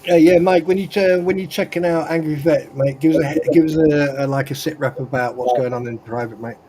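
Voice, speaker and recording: Male co-host, fairly high voice, loud jokey banter, heavy line noise. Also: steady tone, fairly quick. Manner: joking, swears freely, bursts into loud laughs. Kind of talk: casual banter on a livestream call. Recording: noisy livestream call audio.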